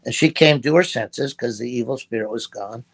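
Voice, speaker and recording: A man's voice: mid-range voice, moderate pace. A man, a pastor, telling a story as an interview guest, earnest, quoting his own words with restarts. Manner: earnest, retelling with direct quotes and restarts.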